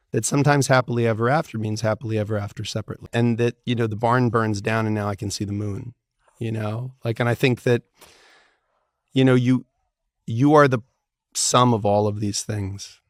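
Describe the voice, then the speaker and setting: A man's voice: fairly low pitch, no echo, clean studio sound. A middle-aged man, a divorce lawyer and author, telling candid, profane stories in a casual interview. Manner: animated storyteller, candid and profane.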